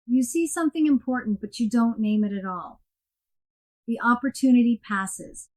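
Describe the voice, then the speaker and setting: A woman giving a scripted coaching lesson in a clear, measured and emphatic way. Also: on the high side, lively intonation. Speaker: coaching instructor. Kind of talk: scripted instructional narration.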